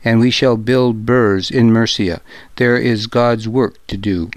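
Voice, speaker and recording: Casual: narrator doing a stern churchy king in an audiobook, formal and measured, mid pitch, smooth. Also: steady tone, no echo, natural voice. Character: stern, pious adult king.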